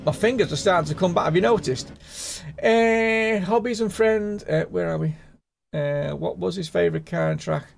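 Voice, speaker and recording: A man's voice: on the high side, fairly quick, creaky, slight background noise. A man hosting a casual live gaming stream, chatting and rambling with his viewers in a bantering way. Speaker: gaming livestream host.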